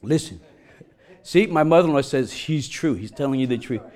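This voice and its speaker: A middle-aged man preaching a sermon, telling a funny personal story, laughing often and getting loud as he acts it out. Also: medium pitch, animated, moderate pace. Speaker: pastor.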